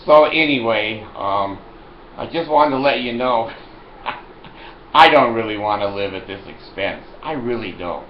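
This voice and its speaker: An older man telling a rambling comic story, loud and animated, often breaking into laughter. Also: fairly low pitch, measured pace, roomy sound, lo-fi sound, slight background noise.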